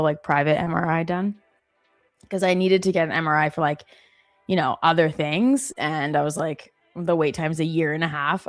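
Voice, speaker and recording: Chatty low-voiced woman hosting a stream. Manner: chatty and storytelling, with many fillers. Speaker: trading stream host. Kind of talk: casual live-stream chat.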